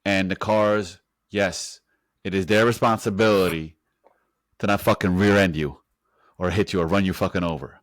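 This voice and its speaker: A man's voice: low-pitched, steady tone, normal speed, no room sound, clean studio sound. A man co-hosting a podcast, ranting in a casual, emphatic, profane way. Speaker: podcast co-host.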